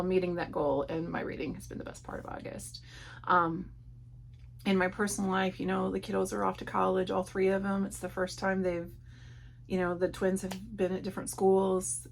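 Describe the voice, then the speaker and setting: A woman's voice: fairly low pitch, gravelly, a little hiss or hum. A middle-aged woman hosting a book channel, chatting casually from home in a meandering way, full of fillers and restarts. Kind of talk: casual catch-up chat.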